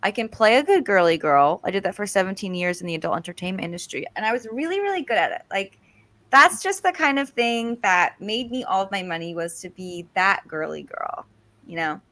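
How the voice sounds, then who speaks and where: A woman's voice: medium pitch, lively intonation, fairly quick, fairly bright tone, dry recording. A woman guest in a casual interview, chatty and laughing often. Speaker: guest, author.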